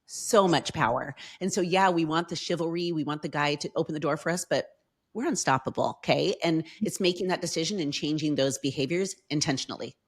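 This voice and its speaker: A woman's voice: low voice, brisk, slightly rough. A middle-aged woman as a podcast guest, telling a personal story in casual chat with heartfelt emotion.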